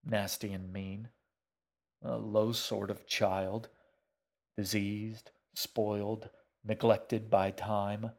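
A man's voice: on the low side, little pitch movement, extremely slow, a little mellow, heavily acted. A man voicing a shaggy, wry man who talks in matter-of-fact grunts. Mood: disdainful. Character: shaggy, wry older man, gruff but kindly.

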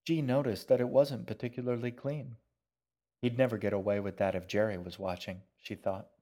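A man with a fairly low voice reads a novel aloud. His storytelling is measured and even, with a steady, deliberate pace. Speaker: narrator. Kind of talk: audiobook narration.

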